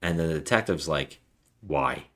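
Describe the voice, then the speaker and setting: A man's voice: lowish voice, big pitch swings, moderate pace. A man co-hosting a casual film review podcast, animatedly retelling scenes and acting out the lines. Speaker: podcast co-host.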